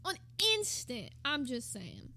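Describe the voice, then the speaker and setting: A woman's voice: fairly high pitch, wildly swooping pitch, slow pace, sharp tone, a little hiss or hum. A woman streamer giving gossipy, sarcastic commentary while reacting to another stream. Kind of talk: casual commentary.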